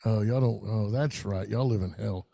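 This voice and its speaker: A man's voice: lowish voice, moderate pace, gravelly, mellow. A middle-aged man, telling a long, profane, rambling story in casual podcast chat. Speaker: podcast co-host.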